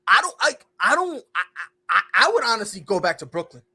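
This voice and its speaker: Bright-voiced man ranting on a podcast. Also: high-pitched, brisk, husky. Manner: ranting, joking, animated. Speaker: podcast host. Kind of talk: casual sports chat.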